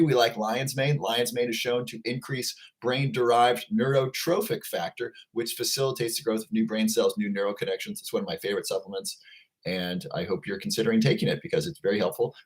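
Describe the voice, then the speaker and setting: Upbeat man hosting a livestream. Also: mid-range voice. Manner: upbeat, greets viewers by name from the chat. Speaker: livestream host. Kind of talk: casual livestream chat.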